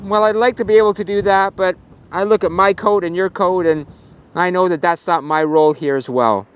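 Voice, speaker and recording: A man voicing an eager, earnest little puppy in a storybook tale, in a high, eager voice. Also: fairly quick, smooth, natural voice.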